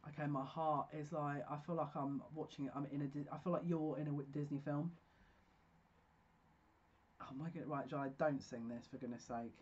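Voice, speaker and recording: A woman's voice: sits low, fairly even intonation, moderate pace, a little mellow, slightly rough, dull audio. A woman giving a pick-a-card tarot reading, effusive and emotional, talking in bursts with restarts.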